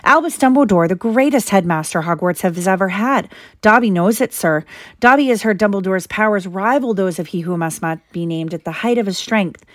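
A woman's voice: medium pitch, brisk, dry recording, studio quality, close to an everyday voice. A woman voicing an anxious, servile male house-elf who speaks of himself in the third person, reading a storybook aloud. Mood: urgent, pleading.

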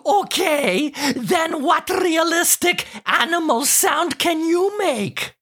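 A woman's voice: very high voice, animated, slow pace, a bit bright, exaggerated voice. A woman playing a sarcastic, teasing wife in a scripted comedy sketch, tossing off dry, mocking put-downs. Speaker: co-host of a comedy show.

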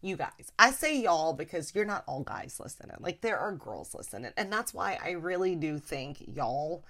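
A woman hosting a podcast, ranting about family life in a casual comedic way and slipping into a high, mimicking voice. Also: normal speed. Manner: animated, mimics her mother in a high voice. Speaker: podcast host.

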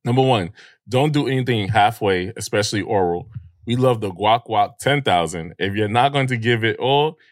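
A man's voice: lowish voice, moderate pace, no room sound, clean studio sound. A man hosting a podcast, reading a list in a blunt, joking, loose way. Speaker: podcast host.

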